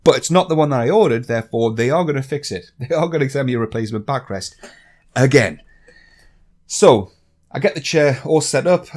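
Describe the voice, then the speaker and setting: An English man on a vlog channel, angrily ranting and swearing with exasperation. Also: medium pitch. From England. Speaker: YouTuber.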